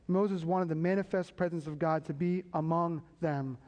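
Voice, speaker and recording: A man preaching a sermon, building emphasis and tossing quick asides to the congregation. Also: a little high, fairly even intonation, a little mellow. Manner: preaching with rising emphasis and repeated call-and-response asides. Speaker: pastor. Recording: long hall reverb.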